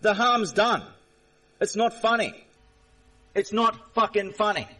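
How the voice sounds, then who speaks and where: A man's voice: sits high, animated, takes it slowly, pushed and bright, distant mic, rough recording. A man in an angry, confrontational rant at a chat viewer during a live stream, repeating himself and swearing.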